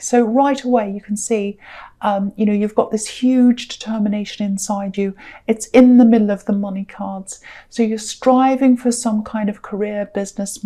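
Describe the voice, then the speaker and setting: A woman giving a solo tarot reading, gentle and reassuring, rambling with many fillers and restarts. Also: medium pitch. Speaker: tarot reader.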